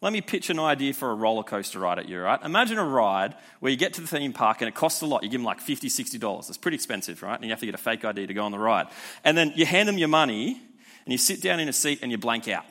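A young man giving a youth sermon in a conversational, energetic way, with frequent rhetorical asides. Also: mid-range voice, quick pace. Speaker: youth pastor.

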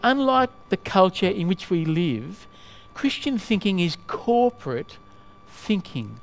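High-voiced preacher, halting, asking questions. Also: male voice, sing-song, gravelly. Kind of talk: sermon.

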